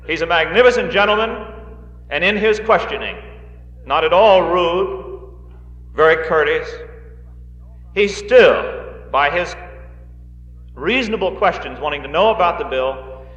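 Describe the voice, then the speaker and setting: A man's voice: fairly high pitch, expressive, unhurried, long pauses, fairly bright tone. A man speaking to a rally audience in a large hall, folksy and fond of joking asides, with frequent hesitant fillers. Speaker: guest speaker at a political rally. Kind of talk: live political speech to an audience. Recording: roomy dull 1960s reel recording of a hall.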